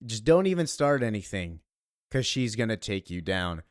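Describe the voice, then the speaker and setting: A man's voice: on the low side, very animated, normal speed, no echo. Guy reading as a prim wordy young girl narrator, comic book read-aloud, dry sound. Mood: stern. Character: young girl narrator, formal and sharp-tongued.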